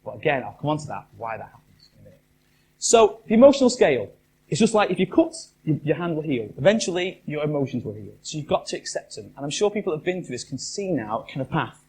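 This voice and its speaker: A man's voice: a little high, sing-song, fast, mellow, slight background noise. A man giving a chatty live talk to an audience as a motivational speaker, often asking the room questions. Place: live event venue.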